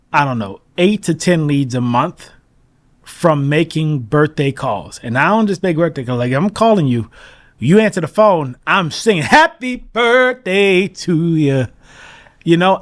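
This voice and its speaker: A man being interviewed as a mortgage broker, talking in an animated, emphatic way and acting out his phone calls. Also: fairly high pitch. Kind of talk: casual interview talk.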